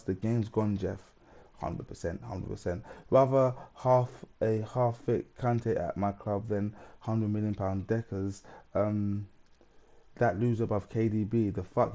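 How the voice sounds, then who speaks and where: A man's voice: fairly low pitch, darkish tone, lo-fi sound. A man hosting a live stream, chatting casually and reading out viewer comments in a rambling way.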